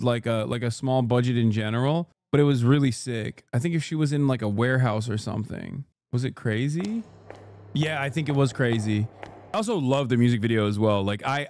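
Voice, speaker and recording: A man's voice: medium pitch, a little mellow, no room sound. Dry-sounding man rambling on stream. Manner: rambling, profane, loose with fillers. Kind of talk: casual reaction commentary.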